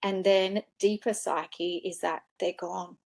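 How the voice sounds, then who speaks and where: A woman's voice: on the low side, takes it slowly, creaky. A woman funeral director and celebrant in a casual interview, talking earnestly and acting out the words she quotes in her stories. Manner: animated storyteller who acts out her own quoted words.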